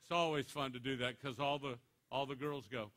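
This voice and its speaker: A man giving a motivational speech to students, telling stories in an animated, joking way. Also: medium pitch, a little fast. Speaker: motivational speaker.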